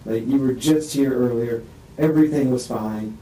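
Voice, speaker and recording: A distressed man in a police interview room rambles through a halting statement, full of restarts, his voice rising and strained. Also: mid-range voice. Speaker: suspect being questioned. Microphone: distant room microphone. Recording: echoey room, distant mic, faint hiss.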